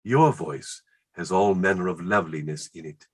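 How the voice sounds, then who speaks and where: In a staged play reading, a man with a low, husky voice plays a word-besotted Elizabethan poet full of excitement. His delivery is rapturous and rhapsodic, and laughter comes to him easily.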